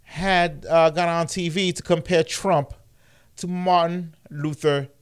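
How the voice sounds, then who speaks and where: A man hosting a radio show with casual political commentary, animated and mocking, laughing often. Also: fairly high pitch, slow pace, clear, resonant tone. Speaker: radio host.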